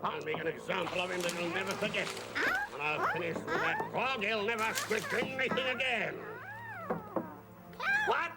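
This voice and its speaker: A man's voice: high voice, very animated, normal speed, pauses often. An actor playing a scheming, vengeful male villain in a children's TV show, making menacing threats over music. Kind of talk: children's TV acting.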